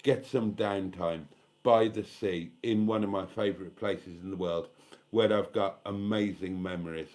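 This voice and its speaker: A man's voice: deep voice, steady tone, measured pace, darkish tone. A tired, slightly tipsy British man in his fifties, chatting casually on a live stream and reading out viewer comments, swearing now and then. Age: 50s. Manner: chatty, swearing, self-deprecating. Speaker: vlogger hosting a live stream.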